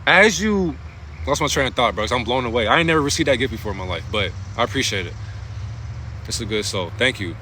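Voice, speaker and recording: A man's voice: medium pitch, animated, quick pace, pushed and bright, a little hiss or hum. A man on a livestream giving a spiritual talk, using casual slang, asking heated rhetorical questions and often stopping to thank his viewers. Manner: passionate, preachy rhetorical questions.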